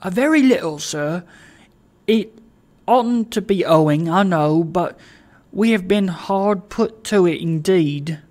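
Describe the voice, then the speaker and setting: A man's voice: a little high, fairly even intonation, slow. A man voicing a meek, anxious poor old man in a storybook reading, talking hesitantly and apologetically. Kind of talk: audiobook reading.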